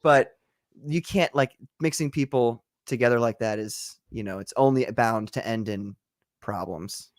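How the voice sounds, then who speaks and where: A man's voice: mid-range voice, measured pace, no room sound, clean studio sound. A man hosting a casual livestream chat, loose and joking as he reads out viewer comments. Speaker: show host.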